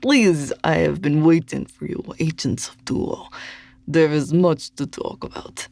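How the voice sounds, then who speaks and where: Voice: vocal fry, darkish tone, no echo. Narrator doing amused Russian-accented male villain. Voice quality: rich, booming, slow and amused. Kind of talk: audiobook character voice.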